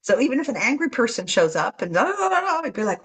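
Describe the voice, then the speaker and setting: A woman talking earnestly about staying calm while traveling, teaching and acting out the anxious voices in your head. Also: on the high side, quick pace, slightly rough, poor audio. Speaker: guest channeler. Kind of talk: spiritual podcast talk.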